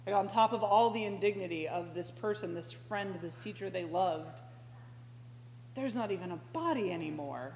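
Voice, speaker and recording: In an echoey church hall with a faint hum, a woman speaking in a mid-range voice preaches a conversational sermon from the sanctuary. She's a pastoral intern whose slow, reflective delivery gives way now and then to sudden animated outbursts.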